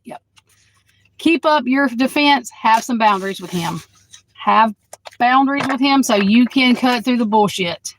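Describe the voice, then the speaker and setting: A woman with a fairly high voice gives a live tarot reading, talking straight into her phone. She is chatty and blunt, swears freely, and keeps calling the viewer "girl" between bursts of laughter. It sounds like an off-the-cuff livestream. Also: a little slow, slight background noise, rough recording. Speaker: tarot reader.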